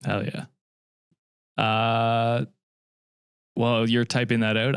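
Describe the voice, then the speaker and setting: A man's voice: on the low side, flat delivery, slow pace, vocal fry, long pauses, clean tone, no echo, clean studio sound. A man co-hosting a live podcast, talking in an easygoing, sweary way. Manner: easygoing, sweary, laughs often. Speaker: podcast co-host. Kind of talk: casual podcast chat.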